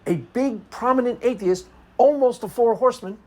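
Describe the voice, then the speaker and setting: A man's voice: extremely high pitch, normal speed, a little mellow. Male video commentator, unscripted monologue, sarcastic and combative, hammers each point twice.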